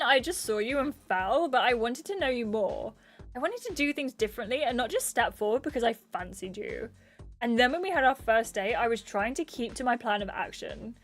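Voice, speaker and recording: Gentle, earnest young male islander, voiced by a woman reading game lines; soft and sincere. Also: fairly high pitch. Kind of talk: reading game dialogue aloud.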